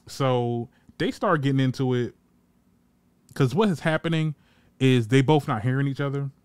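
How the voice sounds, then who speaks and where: Acting out what the cast said with plenty of animation, a man gives a sassy, blunt, swear-heavy recap of a reality TV episode as a reviewer in casual commentary. His mid-range voice is clean and moderately paced, without echo.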